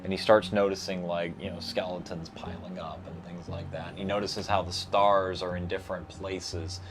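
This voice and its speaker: A man's voice: deep voice, little pitch movement, moderate pace, music in the background. A man talking as a guest in a casual chat. He rambles and restarts often, with plenty of fillers. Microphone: lapel mic.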